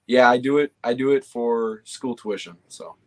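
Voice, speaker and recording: A young man chatting casually and easily, often pausing with fillers and restarting his sentences. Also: mid-range voice. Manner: easygoing, hesitant with fillers and restarts. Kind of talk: casual chat.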